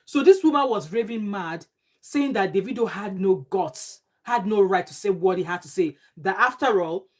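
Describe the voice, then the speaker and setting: A woman's voice: mid-range voice, lively intonation, normal speed. A Nigerian woman vlogger giving emphatic, indignant casual commentary with pidgin phrases. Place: home abroad.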